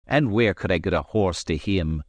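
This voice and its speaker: A man reading an audiobook, voicing a cunning rogue who speaks in gruff, forceful bursts. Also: deep voice, normal speed, no room sound. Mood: furious. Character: roguish Scottish Highland man, fierce and cunning. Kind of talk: audiobook character voice.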